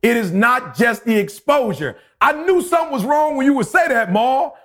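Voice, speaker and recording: Man in his forties, high voice, animated storytelling, casual podcast chat. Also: moderate pace. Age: 40s. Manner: animated storytelling with acted-out quotes. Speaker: podcast co-host.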